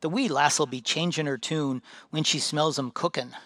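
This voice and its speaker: Man voicing a gruff talking warrior. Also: fairly high pitch, moderate pace, no echo, lightly acted. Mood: grumbling. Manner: gruff, blustering, loud. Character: gruff fierce old male dwarf warrior.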